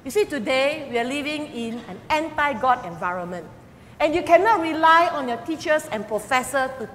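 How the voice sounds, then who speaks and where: An older woman preaches in a high, bright voice, animated and expressive as she tells family stories. Her words ring out with a long hall reverb, and faint noise sits underneath. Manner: animated storytelling, acting out quoted voices. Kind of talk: sermon.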